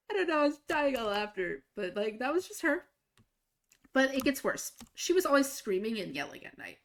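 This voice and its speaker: A young woman streaming a game, casually telling a story, swinging between exasperated, swearing outbursts and quiet asides. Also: high voice, very animated, normal speed. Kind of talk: casual storytelling while gaming.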